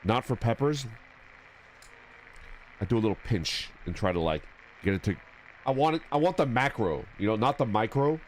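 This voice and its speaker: Rambling, animated young man streaming a game. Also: mid-range voice, moderate pace, long pauses, slight background noise. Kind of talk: casual gaming commentary.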